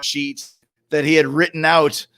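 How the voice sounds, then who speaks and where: A man's voice: a little high, little pitch movement, a little slow, fairly bright tone, no echo. A man co-hosting a podcast, chatting casually and laughing as he rambles through stories. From Canada. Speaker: podcast co-host. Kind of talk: casual chat.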